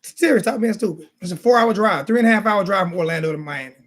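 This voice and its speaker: A man with a high voice rants fired-up about football, repeating himself and calling people names. He speaks in a casual, heated sports-talk style. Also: lively intonation, fast talker. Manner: repetitive, insulting, fired-up ranting. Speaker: sports talk show host.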